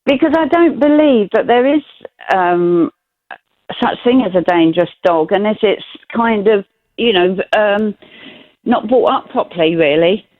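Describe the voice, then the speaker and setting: A woman's voice: mid-range voice, animated, a little slow. A woman calling in to a radio phone-in, hesitant and full of fillers. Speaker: caller. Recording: tinny phone line.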